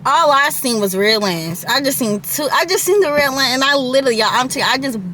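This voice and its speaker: A woman's voice: high-pitched, expressive, a little fast, bright, forceful tone, a little hiss or hum. An eighteen-year-old woman vlogger telling a casual storytime monologue into her camera mic, rambling with lots of "like" and "y'all" asides.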